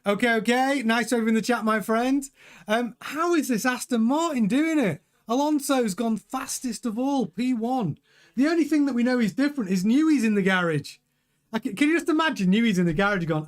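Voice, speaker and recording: A man hosting a live race watchalong, chatting excitably over the timings with frequent stumbling restarts. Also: very high-pitched, fairly quick. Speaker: host.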